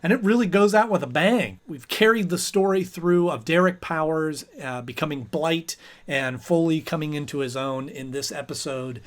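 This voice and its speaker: A channel host and episode reviewer talks in a fairly high voice at a moderate pace. His casual review rambles along with plenty of fillers, and he briefly acts out characters.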